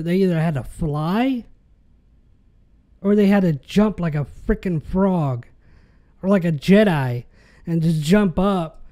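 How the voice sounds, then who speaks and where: A man's voice: high-pitched, mellow. A young man hosting a podcast, ranting in an exasperated way, swearing and tripping over his words. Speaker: podcast host.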